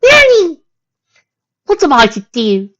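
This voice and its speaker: A woman's voice: huge pitch swings, slow pace, a bit bright, exaggerated voice. A woman voicing a refined, dramatic white unicorn mare who speaks theatrically and indignantly. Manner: theatrical, indignant, high-strung. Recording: dull lo-fi recording.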